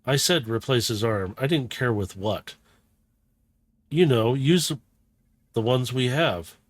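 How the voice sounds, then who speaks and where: A man voicing a cold, detached male robot scientist who mutters slow, deadpan observations at low volume. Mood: commanding. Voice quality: quiet, deadpan.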